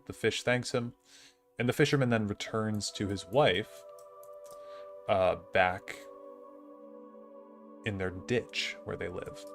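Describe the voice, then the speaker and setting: A man in his thirties chatting casually on a game stream, rambling with lots of fillers and restarts. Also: fairly low pitch. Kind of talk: casual storytelling while gaming.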